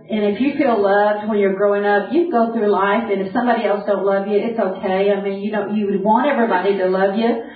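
A woman preaching an earnest sermon and quoting scripture directly. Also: mid-range voice. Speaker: Bible teacher. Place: camp meeting hall. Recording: distant, echoey, phone-like lo-fi.

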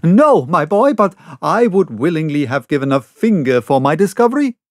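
A man voicing an excited, learned male naturalist in an audiobook reading, with a raised, exclaiming delivery. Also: fairly high pitch, normal speed, no room sound, studio quality.

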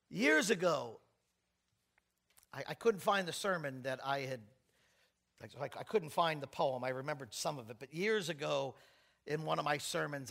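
Middle-aged pastor guy preaching in church, gravelly, bright edgy tone, goes from hushed to shouting. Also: a little high, moderate pace. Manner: storytelling with big swings from quiet asides to shouted praise. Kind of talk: sermon.

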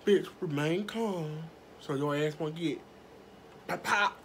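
A woman vlogger telling a story to her viewers in a casual, animated way, swearing freely. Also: sits low, slow, noisy background. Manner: animated, profane, talks straight to viewers.

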